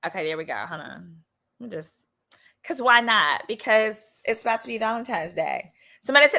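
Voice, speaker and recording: Southern woman host, bright animated storyteller, casual stream chat, slight cough. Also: fairly high pitch, moderate pace, vocal fry. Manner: chatty, animated, drops into quoted voices. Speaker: attorney and channel host.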